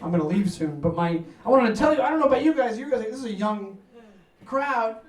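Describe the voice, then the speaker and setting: A man from New York doing a stand-up comedy set in an apartment, talking in a profane, animated way and acting out his family's voices. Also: very high-pitched, a little fast. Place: apartment living room. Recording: roomy sound from a distant mic.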